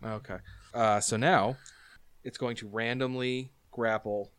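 Smooth-voiced man running a tabletop game. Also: medium pitch, a little slow, no echo. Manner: relaxed, laughs often, explains rules with fillers. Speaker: game master.

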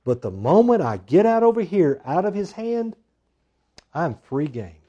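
A man preaching a sermon, swinging from loud emphatic lines to hushed, drawn-out asides. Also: sits high, sing-song, lo-fi sound. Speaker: pastor.

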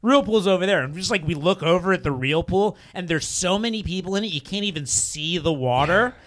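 A young man casually telling a rambling story, full of fillers, laughs and quick asides. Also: sits high, expressive, a bit bright. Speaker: storyteller guest.

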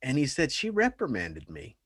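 A man telling stories in a casual podcast chat, animated and earnest. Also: medium pitch, normal speed, slightly rough, no echo, clean studio sound.

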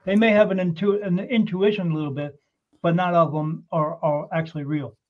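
A man with a fairly high voice tells stories in a loose, animated way, slipping into the voices of the people in them. The sound is muffled and lo-fi. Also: a little fast. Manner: animated anecdote-telling, acts out quoted voices. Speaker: psychic guest. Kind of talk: casual storytelling.

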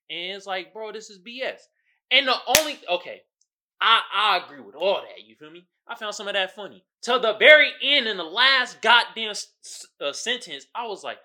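A young man hosting a podcast, riffing in heavy slang, jumping between low mutters and loud outbursts and quoting others as he goes. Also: sing-song, normal speed. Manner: heavy slang and fillers, quotes others in character. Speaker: podcast host. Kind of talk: casual commentary.

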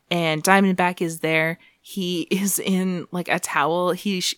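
A woman's voice: lowish voice, fairly bright tone, smooth, no echo, clean studio sound. Laughing, joking woman podcast co-host. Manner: laughing, profane, joking asides. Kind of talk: casual recap chat.

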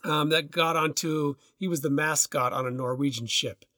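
A man with a somewhat high voice co-hosts a podcast, chatting casually at a normal pace. He tells stories in a loose, relaxed, rambling way, restarting often. The studio recording is clean with no echo.

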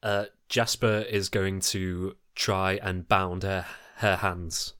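A man's voice: deep voice, level tone, slow, fairly bright tone, smooth. A man playing in a tabletop game, a bit hesitant and laughing often. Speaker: player.

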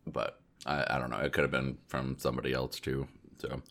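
A man's voice: very deep voice, level tone, fairly quick, fairly bright tone. A man chatting casually while congested from a cold, telling a rambling story in a laid-back way. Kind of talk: casual chat.

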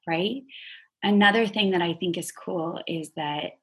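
A woman host responds to her guest with slow, reflective remarks. Her voice sits low and is a little husky. She speaks in an unhurried, thoughtful way. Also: fairly bright tone. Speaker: podcast host. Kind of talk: casual interview chat.

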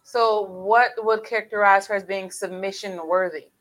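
A woman's voice: mid-range voice, steady tone, normal speed, a bit bright, rough recording. A woman co-hosting a casual podcast, laid-back and amused in her replies. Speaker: podcast co-host.

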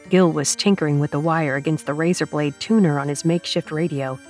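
Woman reading an audiobook, low voice, steady storytelling. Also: a little fast, faint music behind. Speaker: narrator. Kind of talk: audiobook narration.

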